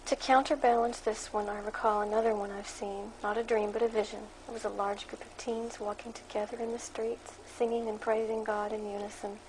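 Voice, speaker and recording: A woman with a somewhat high voice reads her dream aloud in a flat, even monotone. Now and then her commentary turns firmer. A faint hiss of room noise sits behind her. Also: a little fast, hardly any pauses, low-quality recording. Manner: monotone reading, then more emphatic commentary. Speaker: Christian blogger reading her dream journal. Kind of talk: reading aloud from a blog.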